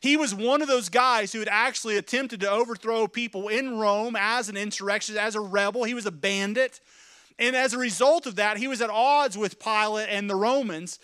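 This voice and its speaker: A man preaching a sermon, telling a dramatic story in the second person, dropping to a hush and rising to loud shouts. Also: brisk, clean tone, no room sound, clean studio sound. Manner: vivid, swings from loud crowd shouts to hushed low narration. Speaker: pastor.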